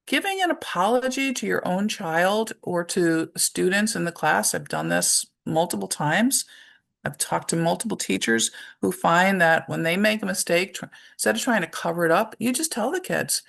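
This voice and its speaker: Middle-aged lady giving a parenting talk, low gravelly voice, chatty, lots of ums. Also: lively intonation, normal speed, fairly bright tone. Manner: conversational, with many fillers and acted-out examples. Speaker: parenting workshop presenter. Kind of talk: informal presentation talk.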